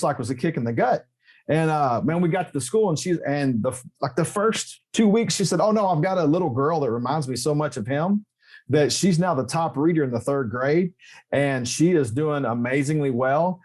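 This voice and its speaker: A man speaks as a podcast guest in a loose, candid way, with his voice sitting a bit high. He tells a personal story with plain emotion, drops in swear words and stumbles over restarts. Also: a little mellow. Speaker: podcast guest, motorcycle YouTuber. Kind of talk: casual interview chat.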